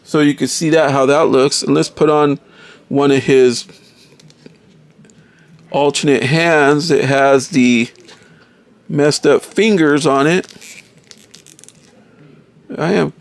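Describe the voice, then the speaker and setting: Gravelly enthusiastic toy reviewer man. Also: on the high side, slow pace, pauses often, dry recording. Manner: enthusiastic, keeps addressing viewers as folks. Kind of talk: casual unboxing review.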